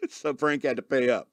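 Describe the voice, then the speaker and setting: A man's voice: medium pitch, dry recording. A man hosting a radio podcast in a casual monologue, rambling and laughing often as he acts out the people he describes. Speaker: podcast host.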